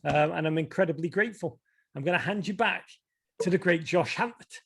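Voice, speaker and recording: On a video call, an English author with a Liverpool accent reads from his book and chats about it in casual storytelling fashion. His voice is a little high, a little fast, creaky and slightly rough, and he animatedly acts out the voices he quotes.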